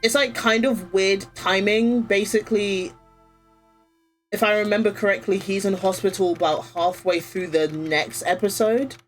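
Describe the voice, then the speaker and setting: A woman's voice: mid-range voice, steady tone, moderate pace, faint music behind. A woman streamer chatting casually while playing, rambling with lots of fillers, her voice strained. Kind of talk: casual gameplay chat.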